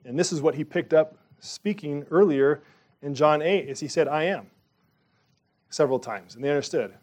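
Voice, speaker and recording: A man's voice: on the high side, normal speed, a little mellow. Casual, rambling male preacher. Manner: casual, rambling, conversational with many fillers. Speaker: pastor. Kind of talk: sermon.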